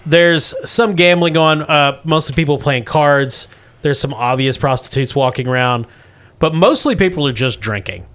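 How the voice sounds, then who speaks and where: A man's voice: on the high side, moderate pace, fairly bright tone. A man running a comedy tabletop game as game master, narrating in a laid-back way and laughing often.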